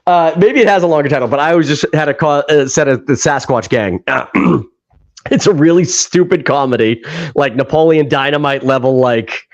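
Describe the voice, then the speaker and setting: A man's voice: fairly high pitch, moderate pace, highs cut off. Laughing, swearing man on a podcast. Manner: laughs often, swears, acts out movie scenes. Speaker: podcast co-host. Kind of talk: casual chat.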